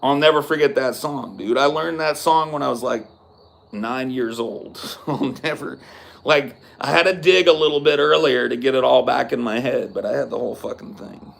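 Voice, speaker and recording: A man in his forties hosts a podcast in loose, swear-filled casual chat. His voice sits at an ordinary middle pitch, neither deep nor high, and he breaks into easy laughs between lines. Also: moderate pace, vocal fry. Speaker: podcast host. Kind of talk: casual chat, reciting rap lyrics from memory.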